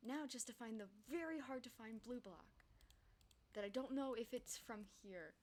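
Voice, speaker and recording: A woman's voice: fairly high pitch, normal speed, darkish tone. A young woman casually commenting on her own game play on a livestream, chatty and giggly, talking to herself and her chat. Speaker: streamer playing a block-building game.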